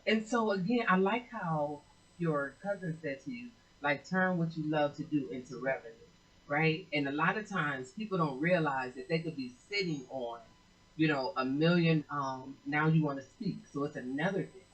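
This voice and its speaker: A woman's voice: low voice, moderate pace, rough recording. A woman host asking her guest questions in a casual, friendly way, laughing and prompting her along. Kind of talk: casual interview.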